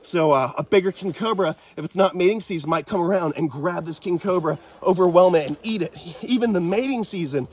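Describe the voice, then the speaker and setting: Brief: male wildlife vlogger, fairly high voice, excitable and chatty, outdoors on a camera mic. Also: fairly quick, few pauses. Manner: exuberant, bursts into shouts of joy; talks to the viewers, explains animal facts. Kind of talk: excited wildlife vlog narration. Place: outdoors in a forest in Thailand.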